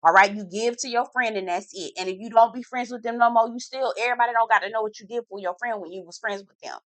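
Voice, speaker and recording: A woman's voice: on the high side, no echo. Sassy woman recapping reality TV. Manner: sassy, slangy, blunt commentary; lively, drawn-out emphasis. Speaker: TV recap reviewer.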